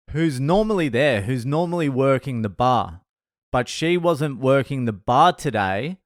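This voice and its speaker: A man's voice: mid-range voice, dry recording, clean studio sound. A man with an Australian accent, a comedian telling a crude, laid-back story. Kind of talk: storytelling podcast.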